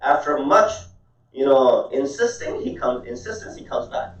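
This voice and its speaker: A man's voice: mid-range voice, sing-song, normal speed. A man giving a sermon, telling a story animatedly with rising emphasis and mixing in Arabic and Urdu religious terms. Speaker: preacher. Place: mosque hall. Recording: echoey hall, distant mic, dull sound.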